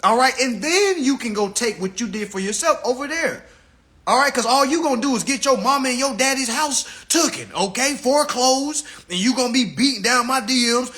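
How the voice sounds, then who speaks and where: A man in his thirties hosting a live stream. He lectures his audience in a profane, preachy and animated rant. His voice is high-pitched and bright. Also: a little fast. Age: 30s.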